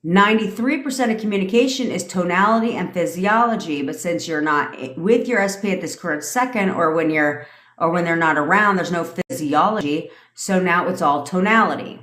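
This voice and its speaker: A woman's voice: fairly low pitch, brisk, fairly bright tone. A woman in her thirties, a manifestation coach ranting and answering questions on a casual livestream, blunt and profane, laughing often. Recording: echoey room.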